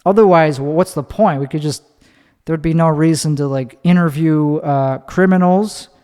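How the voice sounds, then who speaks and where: A man's voice: moderate pace, mellow. Rambling profane man, echoey room. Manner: rambling, profane, restarts often, demonstrates pitch with his voice. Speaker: podcast host. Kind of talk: casual rambling monologue.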